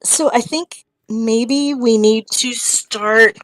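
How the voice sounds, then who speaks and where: A woman voicing a frightened female adventurer who talks through tears in halting, anxious bursts during a tabletop game. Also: fairly high pitch, a bit bright, no echo, poor audio. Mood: pleading, halting. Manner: crying, halting, anxious rambling. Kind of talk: tabletop role-play in character.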